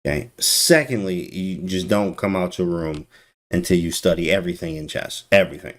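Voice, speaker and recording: Animated male chess streamer, slightly low voice. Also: normal speed. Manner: animated, teasing, talks to chat. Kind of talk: casual live-stream chess commentary.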